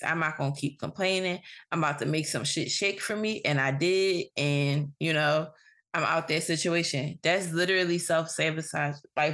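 A woman's voice: sits low, fairly bright tone. Blunt, swearing woman podcast host. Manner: blunt, frank, swears freely. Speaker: podcast host giving advice. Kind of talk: casual advice monologue.

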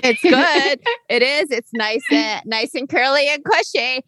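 A woman's voice: high-pitched, lively intonation, measured pace, pushed and bright, dry recording, clean studio sound. A woman co-hosting a podcast in casual chat, playful and teasing, laughing often. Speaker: podcast co-host. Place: at home.

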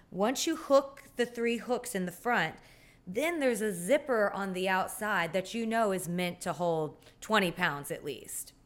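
Sassy woman, lively bright voice. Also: medium pitch. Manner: animated, sassy and self-deprecating. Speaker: podcast host. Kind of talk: casual comedic storytelling monologue.

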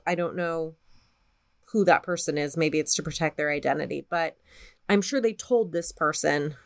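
Woman, lower voice, podcast co-host, casual, profane storytelling. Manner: profane, animated retelling of a spooky story.

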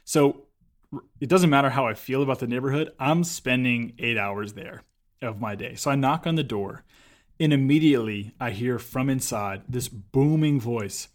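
A man with a mid-range voice talks through advice in relaxed conversation. He tells stories and gets animated when he acts out what people said. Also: medium pitch, normal speed. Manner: storytelling, animated when acting out quotes. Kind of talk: casual chat.

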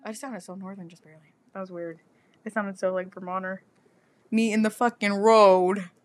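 A young woman co-hosting a casual podcast chat, loud and profane, breaking into quick laughter. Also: medium pitch, fairly even intonation. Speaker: podcast co-host.

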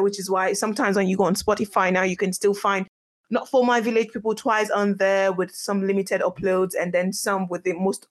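A young woman hosting her own podcast from her kitchen at home, talking in a chatty, excitable way and often laughing. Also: mid-range voice. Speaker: podcast host. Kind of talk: casual solo podcast chat.

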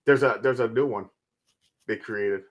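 Excitable swearing man. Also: mid-range voice, measured pace. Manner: excitable, swears, quotes himself. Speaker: podcast guest. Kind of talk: casual chat.

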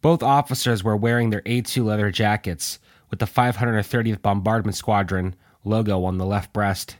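A man reading a war story aloud in steady audiobook narration. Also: on the low side, no room sound.

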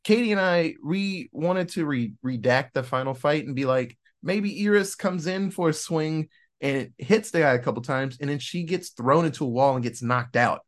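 A man's voice: fairly high pitch, moderate pace. A man co-hosting a casual horror movie review podcast, rambling, swearing and laughing often. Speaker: podcast co-host.

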